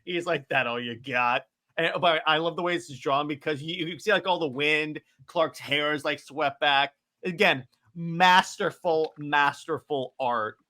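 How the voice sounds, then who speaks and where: A man's voice: fairly high pitch, a little slow, few pauses, sharp tone. A man co-hosting a casual comic book podcast, enthusiastic, laughing often and tripping over his words. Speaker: podcast co-host.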